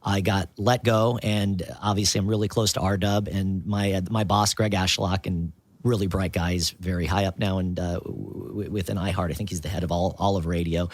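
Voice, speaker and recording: A man's voice: low voice, fairly even intonation, moderate pace, no room sound. A man hosting an interview podcast, talking enthusiastically with his guest. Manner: enthusiastic and warm toward the guest, with fillers. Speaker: podcast host. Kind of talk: conversational interview.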